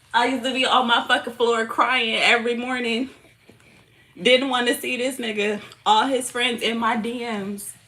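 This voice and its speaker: A woman in her late twenties hosting a tarot livestream, telling stories in an animated, cursing, laughing way. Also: on the high side, a little hiss or hum. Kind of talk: casual livestream chat. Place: home, indoors.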